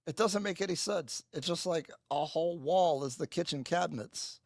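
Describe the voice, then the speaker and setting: A man's voice: fairly high pitch, normal speed, no room sound, clean studio sound. A man hosting a live stream, chatting casually and mocking himself while he talks to his viewers. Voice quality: gravelly, husky. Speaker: livestream host. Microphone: headphones with mic.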